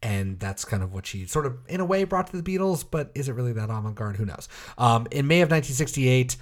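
A man's voice: mid-range voice, expressive, fast. A man co-hosting a podcast, telling a story in casual chat with wry, offhand asides and plenty of fillers. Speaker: podcast co-host.

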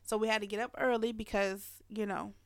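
A middle-aged woman telling a family story in casual conversation, animated and laughing often as she acts out what people said. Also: medium pitch, a little fast, no room sound.

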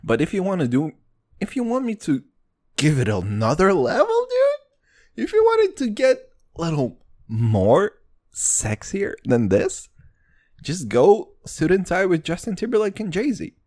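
A man's voice: huge pitch swings, measured pace, a little mellow. A young man hosting a podcast in casual chat, rambling and swearing a lot, joking as he goes and jumping between topics. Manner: rambling, profane, jokey, wildly swinging pitch. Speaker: podcast host.

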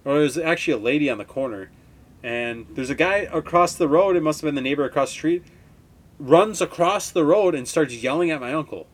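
A man's voice: on the high side, a little fast. A man in his twenties from Wisconsin, hosting a podcast and telling stories in a rambling, heavily profane, laid-back way. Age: 20s. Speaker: podcast host. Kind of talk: casual storytelling monologue.

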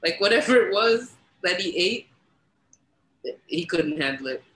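A man's voice: sits high, lively intonation, unhurried, fairly bright tone. A man in casual chat, telling a story and laughing between phrases. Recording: echoey room.

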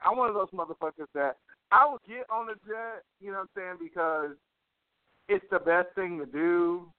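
A man co-hosting a podcast in casual chat, animated and profane, filling every pause with "like". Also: mid-range voice, dry recording. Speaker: podcast co-host. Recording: dry, tinny phone-like sound.

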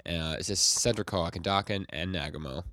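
A man's voice: low voice, fairly quick, fairly bright tone, no echo, clean studio sound. A man co-hosting a podcast, casually recapping manga chapters and quoting the characters with small voice shifts and frequent laughs. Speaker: podcast co-host.

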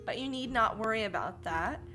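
A woman's voice: fairly high pitch, expressive, brisk, pushed and bright, faint music behind. A woman voicing a loyal magical winged horse who speaks formally and reassures his master. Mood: reassuring.

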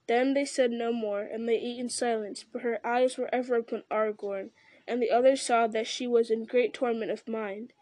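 A woman reads a fantasy novel aloud in a steady, even voice. Her pitch sits fairly high but barely moves, keeping the narration flat and level. The sound is dry, with no room around it. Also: moderate pace, no room sound. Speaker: reader.

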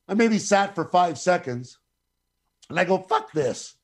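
A middle-aged man with a slightly high voice tells a rambling story in a loose, conversational way. He swears freely and slips into the voices of the people he quotes. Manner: profane, animated, acts out quoted voices. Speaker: guest storyteller. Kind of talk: casual anecdote telling.

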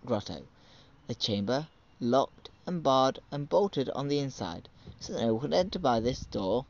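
Man narrating an old myth, measured. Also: medium pitch, a little mellow, dull audio. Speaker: podcast host and storyteller. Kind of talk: storytelling narration.

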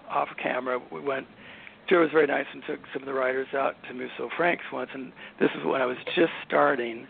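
An older man, a sitcom writer and producer, telling relaxed anecdotes in an interview, with many ums and you-knows. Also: medium pitch, vocal fry, a little hiss or hum. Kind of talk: casual interview storytelling. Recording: phone-like narrow audio.

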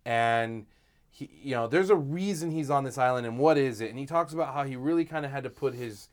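A man's voice: medium pitch, a little fast. A man co-hosting a casual chat, rambling with many fillers as he retells what someone else said. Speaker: podcast co-host.

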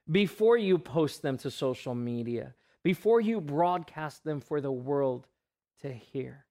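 Pastor guy preaching, kinda high voice, lots of questions, goes quiet on the big words. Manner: earnest preaching with rhetorical questions and pauses, voice dropping soft on key words. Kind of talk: sermon.

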